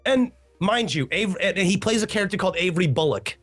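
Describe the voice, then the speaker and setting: A high-voiced man chats on a podcast, telling stories in an animated way with big pitch swings. He throws in quick asides. Faint music plays underneath. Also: breathy edge. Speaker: podcast host. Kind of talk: casual podcast chat.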